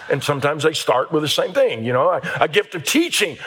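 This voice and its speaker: A middle-aged man delivers a sermon as a pastor. His voice is bright and forward, and he is animated, slipping into character voices for the people in his stories. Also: sits high, moderate pace, husky.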